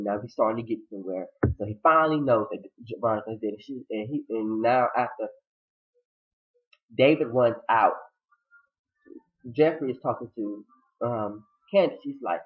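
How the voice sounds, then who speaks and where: A man's voice: mid-range voice, normal speed. Man, casual TV recap vlog, slangy and blunt, acts out the characters' lines, thin phone-like audio. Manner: animated, acts out characters' quotes. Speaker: TV episode recapper. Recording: tinny phone-like sound.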